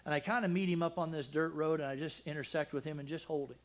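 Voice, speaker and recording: An older man preaching a sermon, telling a personal family story with deep feeling, dropping to a hush and then rising loud, with many restarts. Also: fairly even intonation, quick pace. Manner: emotional, swings from loud and high to hushed and soft; rambling with frequent restarts.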